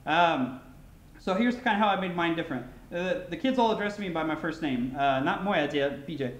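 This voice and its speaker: A man's voice: a little high, lively intonation, moderate pace, echoey room. An American man giving a casual, anecdote-filled keynote speech at a conference, often restarting sentences and using fillers. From United States. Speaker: keynote speaker. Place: large conference hall.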